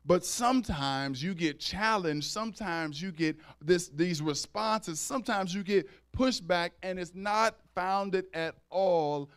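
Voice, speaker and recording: Smooth-voiced man preaching conversationally. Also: sits high, takes it slowly, hardly any pauses, fairly bright tone. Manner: conversational preaching with call-outs to the congregation; acts out dialogue in raised voices. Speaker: pastor. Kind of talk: sermon.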